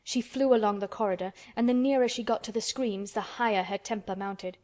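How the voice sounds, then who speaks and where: A woman with a mid-range voice reads an audiobook in a steady, measured way. It's scripted narration.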